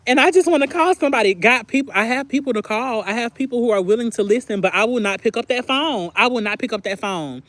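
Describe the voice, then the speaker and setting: A young man talking candidly on a livestream, confiding and expressive, acting out bits of phone conversations and often clearing his throat. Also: sits high, fairly quick, few pauses. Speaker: livestream host. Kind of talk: candid personal livestream chat.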